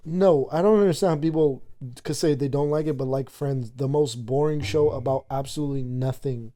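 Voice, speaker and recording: A man's voice: medium pitch, brisk, warm tone. A young man co-hosting a casual chat, joking and swearing freely in slangy banter. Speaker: podcast co-host.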